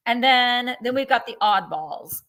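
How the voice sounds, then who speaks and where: A woman co-hosts a livestream sale, chatting her way through a lot of candy pieces. Her voice is bright and forceful, pitched a little high, and her delivery is upbeat. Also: lively intonation, measured pace. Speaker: live sale host.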